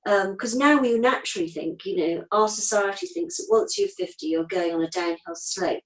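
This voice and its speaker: A woman in her fifties talks in a relaxed, chatty way as an interview guest. She is direct and down to earth, leaning on plain everyday examples. Her voice sits at an ordinary middle pitch. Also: moderate pace, poor audio. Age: 50s. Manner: straight-talking, chatty, uses homely analogies. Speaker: acupuncturist guest. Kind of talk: casual interview chat.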